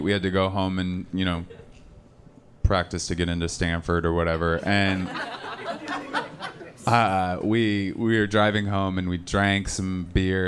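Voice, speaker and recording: Deadpan man on a club stage. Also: sits low. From Seattle area. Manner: conversational, deadpan punchlines, shouts impressions of angry people. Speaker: stand-up comedian. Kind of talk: live stand-up set. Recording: live club recording with crowd laughter. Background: audience laughter.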